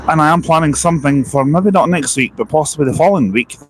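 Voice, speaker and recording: A man's voice: mid-range voice, animated, brisk, slight background noise. A man with a sore throat chatting casually on a phone live stream outdoors by a bus station, rambling and reading out viewer comments.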